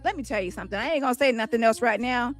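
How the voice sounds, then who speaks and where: Over soft background music, a woman hosts a livestream and rants at someone she calls out, taunting and mocking them with plenty of profanity. Her voice is a little high and she talks at a racing clip, recorded on a phone.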